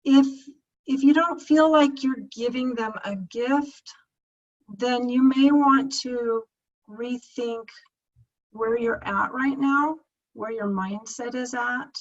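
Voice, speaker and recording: A woman's voice: a little high, slow pace, dull audio. A woman in her fifties giving a heartfelt coaching talk to her team, earnest and close to tears, repeating herself as she speaks. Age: 50s. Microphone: screen-share video recording.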